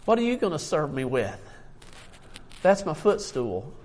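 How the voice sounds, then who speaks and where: A man's voice: fairly high pitch, big pitch swings, takes it slowly, pauses often, a little mellow. An older man preaching a sermon, emotional and tired, reading scripture aloud with rising emphasis. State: tired from little sleep.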